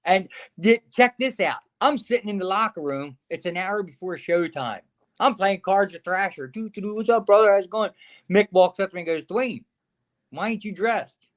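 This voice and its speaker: A middle-aged former wrestler tells backstage stories in a loose, chatty way. He acts out the other people's lines and keeps calling the listener man or brother. His voice sits a little high for a man. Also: normal speed. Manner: animated storyteller acting out quotes, says man and brother a lot. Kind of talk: casual storytelling interview.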